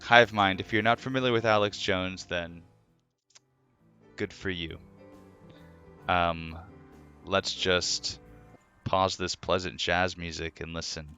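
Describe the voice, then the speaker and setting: A man's voice: low-pitched, steady tone, slow pace, long pauses, sharp tone, smooth, muffled recording, faint music behind. A man live streaming, chatting casually in a joking, rambling way. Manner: joking, rambling, laughing often. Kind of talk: casual chat.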